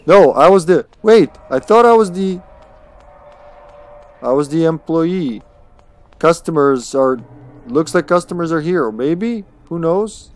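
A man's voice: a little high, animated, slow pace, pauses often. A man streaming a video game live, chatting casually to himself with swearing and chuckles. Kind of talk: live gaming commentary.

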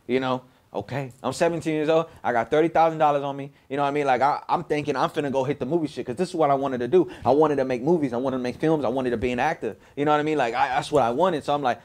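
A man's voice: on the high side, fast, darkish tone. Man, raised voice, casual profane storyteller, leans on "you know" fillers. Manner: laid-back, profane, fills with "you know what I mean". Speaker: storyteller recounting his past.

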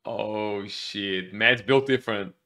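A man co-hosting a movie reaction, chatting casually and breaking into excited exclamations. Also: on the low side, slow pace.

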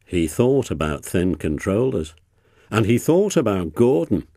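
Husky, slow male storybook narrator. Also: fairly low pitch, no echo, studio quality. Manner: lively, expressive storytelling.

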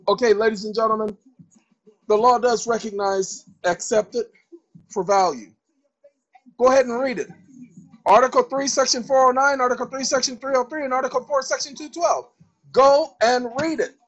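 A fairly high-voiced woman lectures her viewers in a casual, emphatic way. She reads legal definitions aloud and repeats key phrases for stress. Now and then she raises her voice to a near shout. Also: normal speed, long pauses. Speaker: online commentator.

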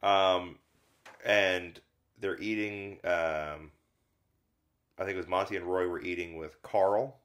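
A man with a low voice talks through an old film in loose, casual chat. He wanders with fillers and restarts, and slips into quick voiced-out bits of dialogue when he retells scenes. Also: fairly even intonation, fairly bright tone. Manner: rambling, many fillers, acts out lines from scenes. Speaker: film review podcast co-host. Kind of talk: casual conversational film discussion.

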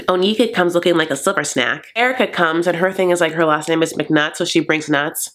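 A man's voice: a little high, brisk, hardly any pauses, fairly bright tone, a little hiss or hum. A man hosting a comedic TV recap, campy and gossipy with sassy asides.

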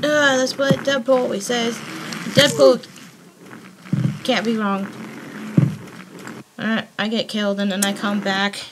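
A woman hosting a casual let's play, talking to herself with frequent excited exclamations. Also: a little high, measured pace, long pauses, background noise. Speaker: gaming channel host.

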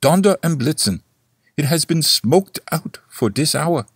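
A man voicing a chorus of fussy little old gentlemen in a mock German accent, gasping and exclaiming. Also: fairly high pitch, expressive, unhurried, husky, dry recording, clean studio sound, voice pushed up, exaggerated voice. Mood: indignant.

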